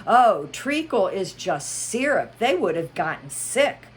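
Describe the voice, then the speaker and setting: A woman's voice: medium pitch, very animated, slow pace, slight background noise, voice pushed up. A woman voicing a polite, curious young girl in a storybook reading, with earnest questions.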